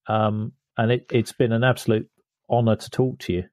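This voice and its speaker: A man hosting a history podcast interview, speaking in an appreciative, slightly halting way. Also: fairly low pitch, little pitch movement, darkish tone, no echo, studio quality. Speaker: podcast host.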